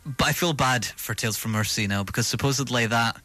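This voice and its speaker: A man's voice: medium pitch, brisk, bright, forceful tone, dry recording, soft background music. A man co-hosting a casual film podcast, rambling and joking with frequent restarts. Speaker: podcast co-host.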